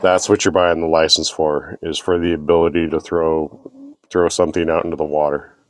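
A man chatting casually as a podcast guest, describing a fishing spot in a relaxed, matter-of-fact way. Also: very deep voice, brisk. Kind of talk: casual chat.

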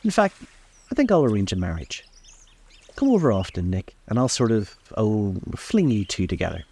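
A man's voice: lowish voice, big pitch swings, moderate pace, dark tone, slightly rough, exaggerated voice. A man voicing a brittle, airy young socialite woman in a theatrical, scornful way. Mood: teasing. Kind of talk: audiobook reading.

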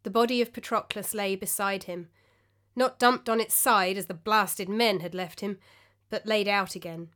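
A woman reading a story aloud in measured, even narration. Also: mid-range voice.

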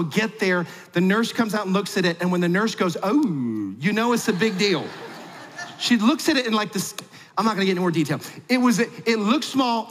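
A man preaching a sermon, telling a family story with jokes and big swings between quiet and loud. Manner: animated storyteller with big swings in pitch and loudness; humorous asides. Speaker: pastor. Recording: long hall reverb.

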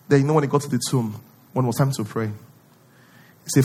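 A male pastor preaching a sermon, acting out prayers in a pleading voice and rising to loud declarations. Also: mid-range voice, fairly quick, long pauses, slightly rough.

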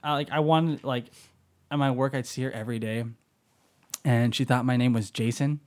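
A man's voice: medium pitch, normal speed. A man in casual conversation, swearing freely and slipping into playful impressions of people. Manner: animated, swearing, slips into mimicking voices. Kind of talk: casual chat.

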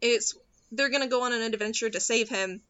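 A woman's voice: on the high side, brisk, a bit bright, clean tone. A young woman in casual chat, rambling and giggling as she recaps a movie and acts out the characters' lines. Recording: dull lo-fi sound.

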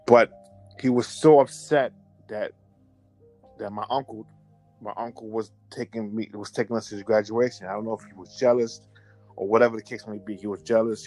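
Lowish voiced guy telling a story, animated, repeats himself a lot, faint music behind. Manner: animated, repetitive, restarts and self-corrections. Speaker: storyteller recounting a memory. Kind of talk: casual conversational storytelling.

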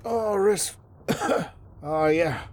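Give me a player voicing a wounded old man, drawling slowly, coughing and chuckling weakly. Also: mid-range voice, darkish tone. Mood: weary. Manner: wheezing laughs and coughs between words.

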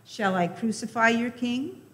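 A woman voicing a stern male Roman governor in a slow, measured scripture reading. The words carry through the long reverb of a church hall. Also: on the high side, expressive, pitched above the performer's own voice. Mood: questioning.

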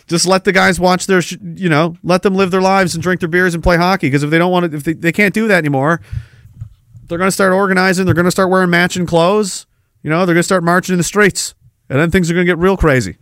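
A young adult man hosting a casual livestream, blunt and combative, and he swears freely. His voice sits a little high for a man. The sound is close and dry, with no room around it. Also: steady tone, fast, a bit bright, no echo. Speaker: podcast host reading chat.

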